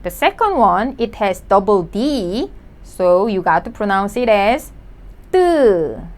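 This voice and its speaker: A woman's voice: mid-range voice, animated, measured pace. A woman teaching a language class, patiently repeating each sound for learners. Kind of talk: slow spoken lesson.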